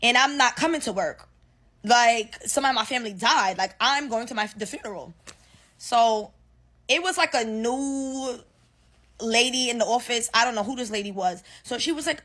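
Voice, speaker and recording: A woman's voice: a little high, moderate pace, a bit bright. A woman telling a workplace story to her audience, casual and blunt, swearing and acting out both sides of an argument. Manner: blunt, swears freely, slangy.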